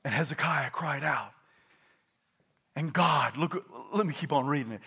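A male pastor delivering a sermon in a high, bright voice. He moves from hushed asides to loud, fervent outbursts and keeps the congregation engaged. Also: measured pace, long pauses, husky. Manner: animated, swings from quiet asides to loud exclamations.

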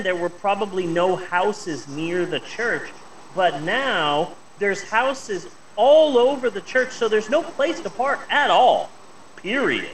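A man co-hosting a casual chat show, animated and swearing freely. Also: high voice, a little hiss or hum, rough recording. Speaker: co-host.

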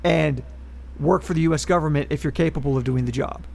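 Slightly high man presenting podcast history. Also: fast talker, vocal fry, darkish tone. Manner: reads historical facts, then adds wry political asides. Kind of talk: casual podcast chat.

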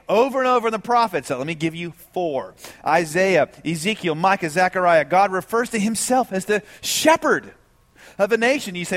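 Male pastor, high voice, lively preaching in a reverberant church hall. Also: moderate pace. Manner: animated, rhetorical questions to the congregation. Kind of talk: sermon.

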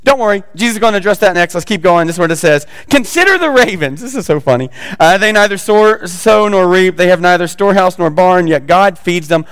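A male pastor preaches in a loose, conversational way and throws teasing asides to his congregation. His voice sits high for a man. The sound carries a long, hall-like reverb. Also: lively intonation, fairly quick, hardly any pauses, fairly bright tone, smooth. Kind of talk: sermon.

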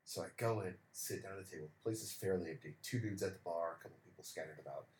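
This podcast co-host sits low in pitch and moves at a quick pace. He's an animated storyteller who curses freely during the casual conversation, recorded in an echoey space with a little background noise.

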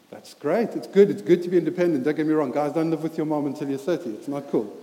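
A man's voice: fairly high pitch, fast talker, few pauses, dark tone. A man preaching a sermon in an earnest, plain-spoken, conversational way, often saying "you know" and repeating words. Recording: reverberant church hall.

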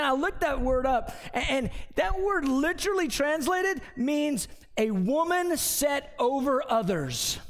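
A man preaching a sermon as pastor, conversational, with anecdotes and asides, in a church sanctuary. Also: extremely high pitch. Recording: long reverb from a large hall.

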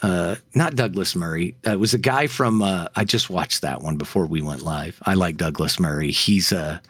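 A man's voice: sits low, moderate pace, fairly bright tone, slightly rough, dry recording. Man, casual podcast chat, heated and opinionated, filler-heavy, dry close mic. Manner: heated ranting with frequent fillers. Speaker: podcast co-host.

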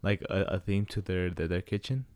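Young dude with a lowish voice, slangy, keeps it short, dry mic. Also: male voice, brisk, a little mellow, no room sound. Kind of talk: casual chat.

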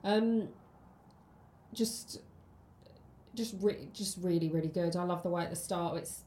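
A woman's voice: on the low side, fairly even intonation, measured pace, warm tone, a little hiss or hum. A woman, co-hosting a casual film podcast and chatting with many ums and restarts. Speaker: podcast co-host. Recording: roomy echo.

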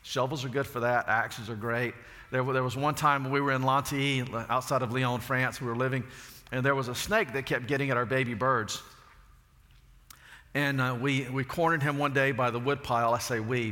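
A man's voice: medium pitch, pushed and bright, in a large hall. A man preaching a sermon, telling folksy stories and asking rhetorical questions.

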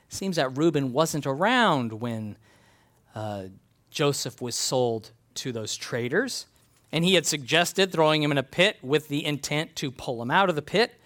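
A man's voice: on the high side, animated, measured pace, fairly bright tone. Earnest man preaching a sermon. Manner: conversational and earnest, reads scripture aloud. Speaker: pastor.

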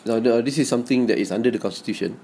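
A man's voice: mid-range voice, racing, a little mellow, a little hiss or hum. A young man with a Malaysian English accent, co-hosting a casual chat in a jokey way and laughing often. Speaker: podcast co-host.

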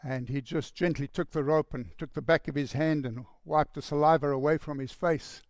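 A man preaching with a slightly higher, gravelly voice. He tells a story earnestly and softens to a near hush for the quoted lines. The sound is dry and close. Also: fairly even intonation, normal speed, no echo. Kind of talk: sermon storytelling.

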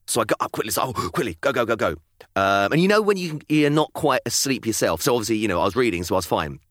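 British dad on a podcast, lively up-and-down voice, dry close sound, acts out his kids. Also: mid-range voice, fast talker, dry recording. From United Kingdom. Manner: chatty, acts out quotes of his kids, laughs often. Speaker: podcast co-host. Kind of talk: casual chat.

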